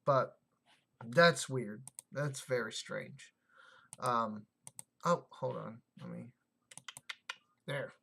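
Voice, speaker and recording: Unhurried, mid-pitched livestream host; casual, musing, chats back to viewers. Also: gravelly, pushed and bright, husky. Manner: thinks aloud, chatty, talks back to chat comments. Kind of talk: casual livestream chat while sorting coins.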